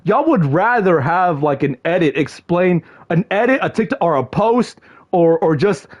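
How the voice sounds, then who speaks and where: Young streamer guy with a high, bouncy voice, slangy and excitable, prone to yelling. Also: moderate pace, lo-fi sound. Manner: excitable, shouts in mock frustration, slangy with lots of "bro". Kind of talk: casual livestream chat to viewers.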